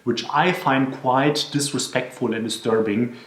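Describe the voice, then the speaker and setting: In an echoey room, a man presents workplace advice on conference call manners, instructing the camera earnestly and slowing whenever he restates an important tip. His voice has an ordinary middle pitch and a fairly bright tone.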